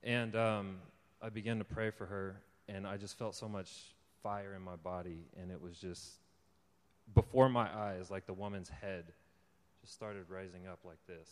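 A man's voice: low voice, fairly even intonation, a little slow. A young man giving an informal sermon testimony to a live audience. He tells his story conversationally, laughs often, and builds to fervent encouragement. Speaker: lay preacher giving a testimony. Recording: long hall reverb.

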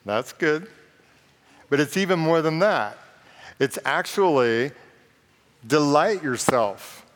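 A pastor preaching a sermon in a conversational, joking way and reading scripture aloud. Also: male voice, fairly high pitch, lively intonation, slow, fairly bright tone. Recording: long reverb of a large hall.

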